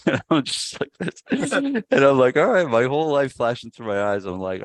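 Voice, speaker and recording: A man's voice: fairly low pitch, brisk, vocal fry, dry recording. A man, a gym owner and podcast guest, telling a story casually and acting out what people said. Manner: animated, acts out quotes.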